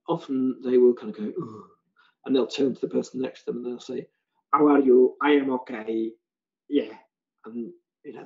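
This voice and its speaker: A British man, a language teacher trainer, giving an animated online seminar talk and acting out other people's lines. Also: medium pitch, vocal fry, highs cut off. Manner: animated, acts out students' and callers' lines.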